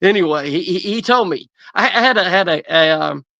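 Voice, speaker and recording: A man in his sixties chats as a guest actor, easygoing and rambling, often tripping over his words. His voice is bright and high for a man. He comes through a muffled, lo-fi remote connection. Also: brisk, vocal fry. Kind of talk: casual interview chat. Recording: dull remote line.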